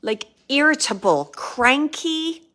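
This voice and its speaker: Woman psychic medium, fairly high voice, halting and emotional live reading. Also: expressive, sharp tone. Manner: emotional, halting, many fillers and restarts.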